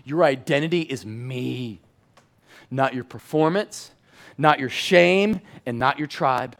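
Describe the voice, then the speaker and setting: A middle-aged man preaching a sermon in a church in a lively, conversational way, moving between loud and hushed passages. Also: medium pitch, takes it slowly, vocal fry. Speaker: pastor.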